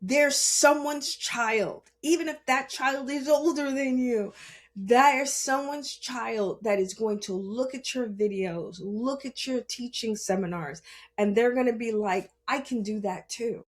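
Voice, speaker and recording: Woman, podcast host, spiritual healer, personal storytelling, animated, loud then hushed, laughs often. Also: fairly high pitch, unhurried. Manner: animated, swings between loud emphasis and hushed asides, laughs often, profane.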